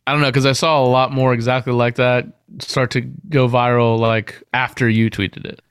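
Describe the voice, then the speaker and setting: A man with a smooth, clear mid-range voice, recorded close and dry. He talks about bets in a laid-back way and slips in dry, teasing jabs at his co-host. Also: medium pitch, level tone, normal speed, no echo. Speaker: podcast co-host. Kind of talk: casual sports betting chat.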